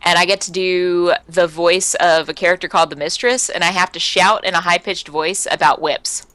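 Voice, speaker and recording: A woman's voice: fairly low pitch, fairly even intonation, normal speed, a bit bright. A woman voice actor chatting as a podcast guest, joking, laughing often and swearing casually. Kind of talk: casual chat.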